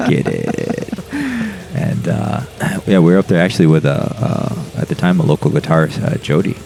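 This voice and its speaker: A man's voice: extremely low pitch, steady tone, moderate pace, vocal fry, noisy background. A man, a podcast guest, telling a rambling, profane story in casual chat and laughing as he goes.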